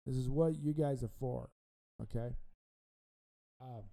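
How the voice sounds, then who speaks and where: A man's voice: mid-range voice, measured pace, vocal fry, warm tone, poor audio. A man hosting a casual sports podcast, rambling and repeating himself with frequent ums. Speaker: podcast host.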